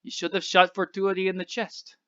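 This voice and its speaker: Tough French-accented heavy, a man doing the voice, blunt and clipped, bright tone. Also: sits high, monotone, brisk, clean tone, highs cut off, pitched above the performer's own voice. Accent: French (put on).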